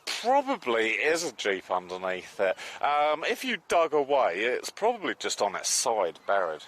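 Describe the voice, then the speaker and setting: A man chatting casually on a live stream from a beach, excitable and sometimes dropping to a hushed voice. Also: medium pitch, a little slow. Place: outdoors on a beach at low tide.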